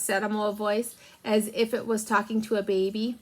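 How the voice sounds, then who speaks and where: A woman teacher reading a chapter book aloud to children, in a clear storytelling manner. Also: medium pitch, level tone, normal speed, few pauses. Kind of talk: children's read-aloud narration.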